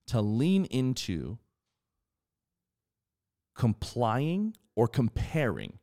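A man co-hosting a faith podcast, talking earnestly about scripture in an animated, preaching way. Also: mid-range voice, drawn-out words. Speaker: podcast co-host.

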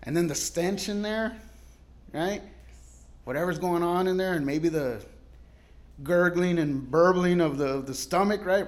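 Guest pastor, male, slightly higher voice, chatty sermon full of laughs and sudden loud cries. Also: unhurried, pauses often. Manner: casual storytelling, laughs often, shifts loud and soft.

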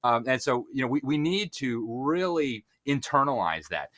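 A man's voice: mid-range voice, very animated, moderate pace, a bit bright. A man speaking as an interview guest, talking with fervent, preacher-like emphasis. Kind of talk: impassioned interview commentary.

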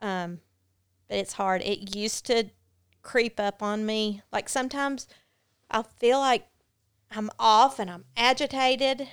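A woman guest in a podcast interview, telling a personal story in an earnest, candid way with halting fillers. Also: a little high, fairly even intonation, clean tone.

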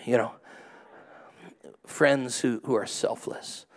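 A man's voice: sits high, moderate pace. A man preaching a sermon as pastor, punchy and conversational, with asides to the congregation. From went to college in New England.

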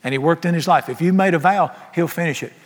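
Folksy preacher in a reverberant hall. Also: male voice, a little high, fast. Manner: folksy, emphatic preaching with humorous asides. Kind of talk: sermon.

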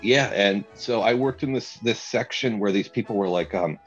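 A young man telling a comic story in a casual chat, animated and laughing often as he acts out what people said. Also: lowish voice, moderate pace, husky, muffled recording, soft background music.

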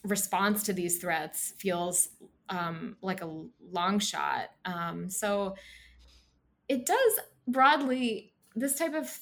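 A woman's voice: mid-range voice, fairly bright tone. A young woman from the United States in a casual conversation about the news, chatty and worried, with many fillers. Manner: talkative, filler-heavy, concerned.

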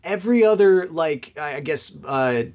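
A man's voice: fairly high pitch, animated, moderate pace, a little mellow. A man co-hosting a casual podcast chat, enthusiastic, swearing and full of fillers. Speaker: podcast co-host.

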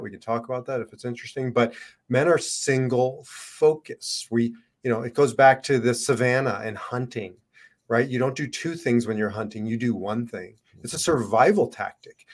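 Reflective man explaining on a podcast. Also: mid-range voice. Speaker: podcast co-host. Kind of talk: casual podcast chat.

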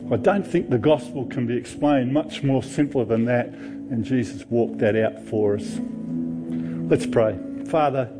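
A man, a pastor, preaching a sermon and retelling a parable with animated storytelling. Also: mid-range voice, measured pace, over music. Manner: animated storytelling, acting out characters' lines.

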